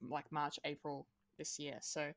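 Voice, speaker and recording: A woman's voice: low-pitched, little pitch movement, unhurried, no room sound, clean studio sound. A woman co-hosting a podcast, chatting casually with frequent ums and restarts. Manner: hesitant, many ums and restarts. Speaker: podcast co-host.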